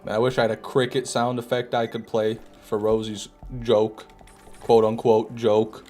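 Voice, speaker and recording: A man's voice: lowish voice, monotone, normal speed, dark tone, soft background music. A young man from Michigan with a Michigan accent, casually commentating a game stream and bantering with his chat in a joking, mock-indignant way. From Michigan, USA.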